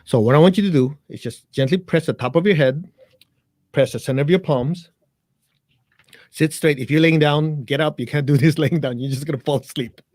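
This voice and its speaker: A man with a slightly high, somewhat mellow voice speaks fairly quickly, recorded cleanly in a studio with no echo. As a guest in a live interview, he teaches meditation in plain, blunt language peppered with jokes, addressing listeners directly before leading them through a chant.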